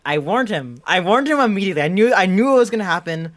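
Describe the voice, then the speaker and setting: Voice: medium pitch, expressive, fast talker, a bit bright. A young adult podcast co-host telling a story in casual chat, rambling and full of "like" and restarts. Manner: rambling, heavy use of "like" and restarts.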